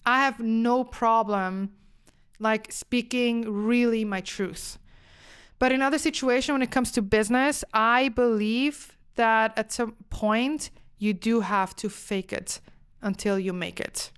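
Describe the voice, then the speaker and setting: A young woman from Switzerland hosting a solo podcast, telling a story in a chatty, animated way with lots of fillers. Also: on the high side, slow, clear, resonant tone. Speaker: podcast host.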